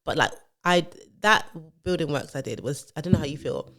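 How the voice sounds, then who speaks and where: A woman's voice: low voice, a little fast. A woman co-hosting a podcast, telling stories animatedly and acting out what others said. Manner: animated storyteller acting out quotes. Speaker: podcast co-host. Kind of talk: casual chat.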